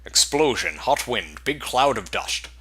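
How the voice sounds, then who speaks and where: A man voicing a calm, proud male warrior in a fantasy game, measured and commanding. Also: medium pitch, husky. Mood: resolute.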